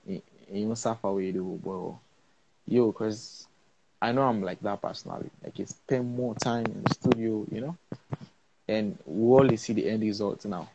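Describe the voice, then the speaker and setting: A man's voice: lowish voice, fairly even intonation, normal speed, gravelly, dark tone, a little hiss or hum, rough recording. Laid-back young Sierra Leonean man. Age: young adult. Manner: laid-back, rambling, many fillers and restarts. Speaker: interview guest, cinematographer. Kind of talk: casual live interview chat.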